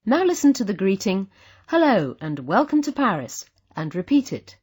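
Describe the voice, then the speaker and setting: A woman narrating a language lesson with a clear, patient teaching delivery. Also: mid-range voice, sing-song, moderate pace, a little mellow. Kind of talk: scripted instructional narration.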